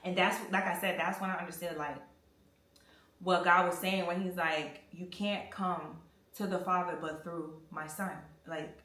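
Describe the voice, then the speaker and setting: A woman's voice: on the low side, unhurried. A young woman telling a personal story in a candid, slangy way while she cleans her bathroom. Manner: candid, slangy, animated retelling. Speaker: vlogger. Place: home bathroom. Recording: echoey bathroom, mic at a distance.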